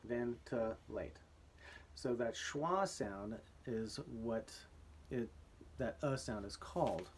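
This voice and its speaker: A man's voice: mid-range voice, takes it slowly, slight background noise. Easygoing male teacher explaining spelling. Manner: relaxed, with frequent ums and restarts. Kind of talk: recorded spelling lesson.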